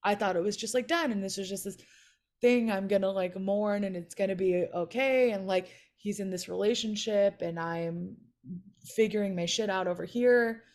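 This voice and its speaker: A woman's voice: mid-range voice, normal speed, a little mellow. A woman comedian chatting casually as a podcast guest, recounting her own story in a candid, unpolished way. Her talk is loose and conversational, full of "like" fillers. She speaks from home. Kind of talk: casual chat, personal storytelling.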